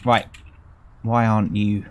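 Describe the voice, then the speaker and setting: A man's voice: on the low side, level tone, slow pace, slight background noise, low-quality recording. A British man casually commentating a gameplay video, chatty and wry, greeting the characters he meets as he plays. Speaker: gaming channel host. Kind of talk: casual let's-play commentary.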